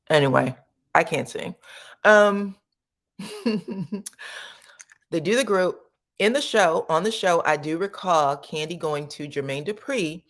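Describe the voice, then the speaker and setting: A woman hosting a casual gossip commentary, chatty and animated, tagging her points with "okay?" and acting out quotes in sudden high voices. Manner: chatty and animated, peppers speech with "okay?" and "child"; acts out quotes with sudden high pitch jumps. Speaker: commentary channel host.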